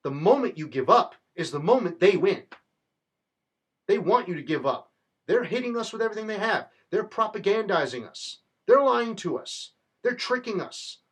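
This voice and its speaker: A man's voice: sits high, big pitch swings, normal speed, breathy edge. A man delivering an impassioned, rallying political monologue in a fervent, rhetorical manner. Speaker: political commentator.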